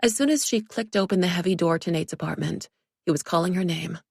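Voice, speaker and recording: A woman's voice: on the low side, fast talker, creaky, breathy edge, no room sound. A woman narrating an audiobook with a wry, dry comic delivery.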